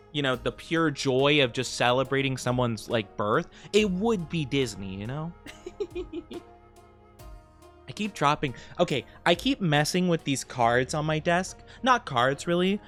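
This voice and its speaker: A man's voice: on the high side, a bit bright. A man chatting casually on a live stream, giggly and fidgety and full of filler words.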